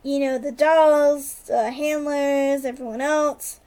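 A woman with a high, bright-sitting voice chats casually as a podcast co-host. She tells the story in a loose, rambling way, stringing events together with "like" and quick asides. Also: fairly even intonation. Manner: rambling retelling, heavy use of "like", quick asides. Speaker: podcast co-host recapping a TV episode. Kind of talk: casual chat.

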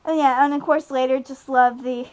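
A young adult woman with a high-sitting, darkish voice speaks at a moderate pace with a steady tone, recorded on poor audio. She co-hosts a casual TV podcast, recapping an episode while rambling, laughing, and using lots of fillers.

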